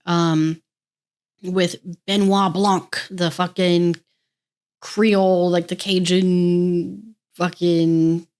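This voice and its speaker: A woman's voice: on the low side, a little mellow. Young American woman, solo podcast host, chatty and effusive, loose rambling delivery, curses often. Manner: gushing, rambling, swears freely. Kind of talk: casual solo podcast chat.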